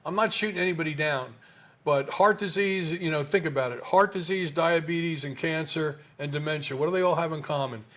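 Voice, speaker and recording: Emphatic man, slightly high voice. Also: brisk, fairly bright tone. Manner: emphatic, rhetorical questions, frequent restarts. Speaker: health researcher and guest. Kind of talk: casual interview talk.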